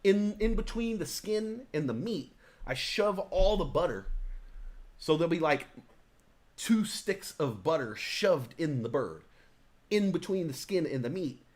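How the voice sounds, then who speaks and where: A man hosting a live talk stream, chatting casually in a rambling, excitable, profane way. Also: fairly high pitch, a little slow. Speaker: talk show host. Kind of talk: casual chat.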